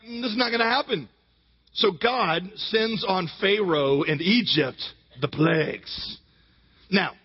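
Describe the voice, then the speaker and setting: Husky-voiced man preaching in a hall. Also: sits high. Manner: lively, joking, asks rhetorical questions. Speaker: pastor. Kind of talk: sermon. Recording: dull recording with long hall reverb.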